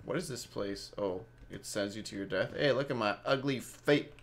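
A man's voice: fairly low pitch, normal speed, hardly any pauses, a little hiss or hum. A young Mexican-Canadian man casually rambling through live gameplay commentary and chatting with his viewers by name. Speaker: game streamer.

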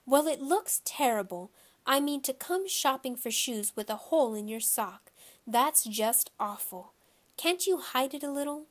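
A woman's voice: high-pitched, expressive, a little slow, voice pushed up. Fretful mother, read by a woman. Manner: fretful, pleading. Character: fussy, anxious mother of two boys.

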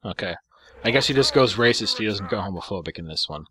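Sarcastic man with lively pitch. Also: quick pace. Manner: sarcastic, profane, amused. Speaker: commentator. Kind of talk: gameplay replay commentary.

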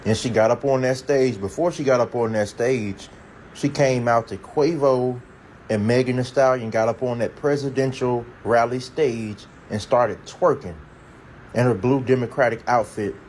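A man's voice: medium pitch, fairly even intonation, moderate pace, darkish tone, a little hiss or hum. Indignant man ranting in a clip. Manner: indignant, sarcastic. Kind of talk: ranting video commentary.

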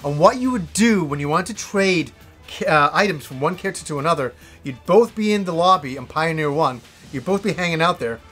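A man reviewing a video game as the host, telling old memories in an excitable, profane, animated way. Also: on the high side, brisk, husky, soft background music. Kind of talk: casual storytelling review.

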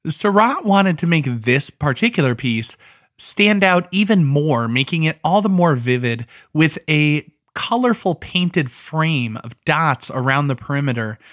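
A man hosts a casual art history talk, walking through a painting in a loose, conversational way. His voice sits a little higher than most men's, and he drops in offhand asides as he goes. The sound is dry and close, with no room around it. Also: a bit bright, no room sound.

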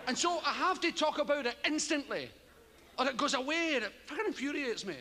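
An older Scottish man delivers a rambling, profane stand-up routine from a large theatre stage. His voice sits very high and swings wildly up and down as he jumps into mocking voices. The long reverb of the hall and steady room noise surround him. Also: a little fast. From Scotland. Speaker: stand-up comedian. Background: audience laughter.

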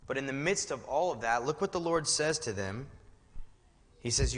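A man's voice: medium pitch, lively intonation, normal speed, fairly bright tone. A male pastor preaching a sermon, shifting between easy conversational asides and fervent, emphatic exhortation. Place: church sanctuary. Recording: reverberant church hall.

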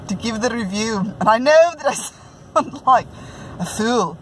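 A woman's voice: on the high side, animated, unhurried, a little hiss or hum, low-quality recording. A middle-aged woman with a put-on Scottish brogue gives a chatty, self-mocking book review, often breaking into laughter. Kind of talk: casual book review vlog.

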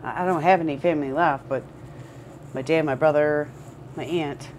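Woman, older, rambling candid vlog, repeats herself, swears, slightly low voice, faint hiss. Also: steady tone, moderate pace, a little mellow. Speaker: vlogger. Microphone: headphones with camera.

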